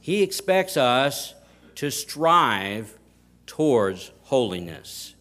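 A man's voice: medium pitch, very animated, extremely slow. Folksy emphatic male preacher. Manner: folksy, emphatic, rising to loud stresses. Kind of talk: sermon.

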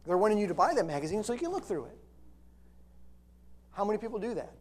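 A man's voice: high voice, big pitch swings, fast talker. A middle-aged man preaching a sermon, reading scripture and then pressing his points with rising intensity.

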